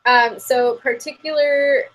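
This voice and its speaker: A woman's voice: high voice, steady tone, slow pace, fairly bright tone, low-quality recording. A woman co-hosting a podcast, reading a spooky story from an article in a casual, giggly way and often saying "like". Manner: giggly, heavy use of "like". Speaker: podcast co-host. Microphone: remote call.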